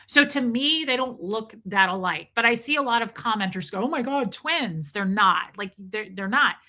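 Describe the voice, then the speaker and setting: A woman's voice: mid-range voice, moderate pace, pushed and bright. A middle-aged woman hosting a casual livestream, chatting and telling rambling stories while answering comments. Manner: chatty, rambling storytelling, reads comments aloud. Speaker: livestream host. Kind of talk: casual live chat.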